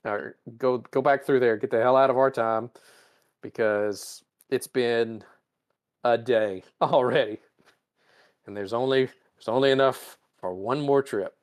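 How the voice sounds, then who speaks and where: A man voicing an exasperated male starship captain in a recap, gruff and fed up. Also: medium pitch, measured pace, close to an everyday voice.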